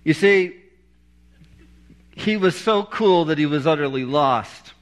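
A middle-aged man delivers a sermon in a somewhat higher voice. He tells stories with a humorous touch and chuckles at his own jokes. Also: lively intonation, slow. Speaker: preacher.

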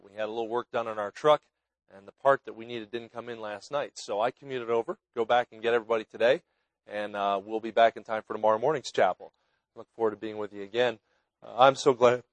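A man's voice: mid-range voice, steady tone, fast talker, no room sound, poor audio. A man in his fifties from New Jersey, an evangelist preaching at a college chapel in a folksy, storytelling way, asking the audience to raise hands. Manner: folksy storytelling, chuckling warmth about friends. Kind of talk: sermon. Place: chapel with live student audience.

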